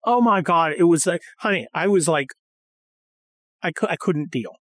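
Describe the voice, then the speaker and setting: A woman's voice: lowish voice, moderate pace, no room sound. Woman ranting in casual chat, swoops all over, dry close sound. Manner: animated, profane, mocking impressions.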